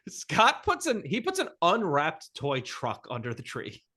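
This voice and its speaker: A man's voice: fairly high pitch, wildly swooping pitch, unhurried, pushed and bright, husky. A man co-hosting a podcast in casual chat, making snarky, profane jokes. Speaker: podcast co-host.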